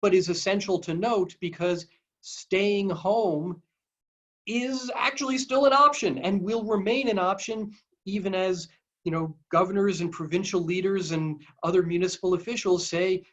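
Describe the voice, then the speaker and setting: A man's voice: high voice, normal speed. A man, a lawyer, answering questions in a webinar in a conversational way, with frequent ums. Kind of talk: webinar Q&A talk. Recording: dull lo-fi webinar audio.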